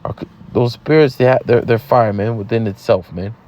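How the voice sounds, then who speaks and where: A man's voice: mid-range voice, fairly even intonation, a little fast, dull audio. A man teaching from scripture in a loose street style, repeating words and dropping "man" at the ends of lines. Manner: casual, repeats words and says "man" often. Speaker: camp teacher.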